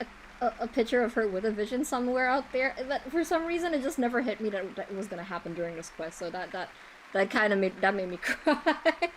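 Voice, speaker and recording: A woman's voice: medium pitch, slight background noise, rough recording. A young woman streaming a game reaction, emotional and teary, laughing and swearing as she gushes.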